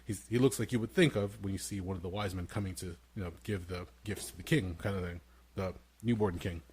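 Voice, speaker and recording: A man with a fairly low voice chats casually on a podcast, spinning stories about his toddler. He breaks into a squeaky child voice for his son's lines, then drops back to his easy storytelling tone. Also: a little fast, husky. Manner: animated storyteller, acts out his toddler son in a high voice. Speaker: podcast co-host.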